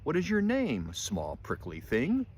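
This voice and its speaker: An older man voicing a big, boastful male rhinoceros in a children's storybook, gruff and loud. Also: low-pitched, expressive, slow, heavily acted.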